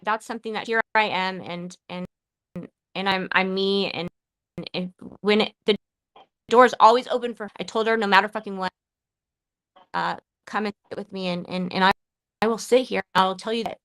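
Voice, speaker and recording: Bright-voiced woman, raw and profane. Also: medium pitch, steady tone, dry recording, poor audio. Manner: emotional, profane, halting with many restarts. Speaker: podcast host. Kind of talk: live podcast monologue.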